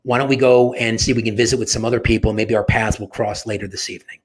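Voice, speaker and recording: A man coaching on sales and networking in an energetic, emphatic motivational talk, often restarting his sentences. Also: fairly low pitch, fast, slightly rough.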